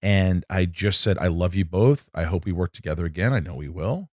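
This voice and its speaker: Lively storytelling man, low voice. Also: a little fast, no echo, clean studio sound. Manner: animated storyteller, acts out quotes, swears freely. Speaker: actor guest. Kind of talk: casual storytelling chat.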